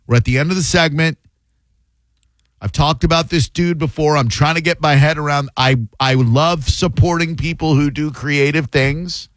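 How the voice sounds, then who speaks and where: A man's voice: on the high side, fairly even intonation, normal speed, no room sound. Man, talk radio host, casual banter, sarcastic asides, dry close sound.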